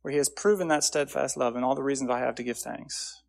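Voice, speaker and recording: A man preaching a sermon, earnest, building up loudly on key phrases and then dropping low and quiet. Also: fast, gravelly. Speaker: pastor.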